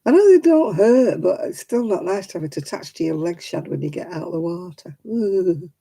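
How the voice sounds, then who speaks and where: A middle-aged woman with a lowish, dark, husky and creaky voice talks fairly quickly as she crochets on a homely livestream. She answers viewers casually, laughs often and counts her stitches aloud, all in a low-quality recording.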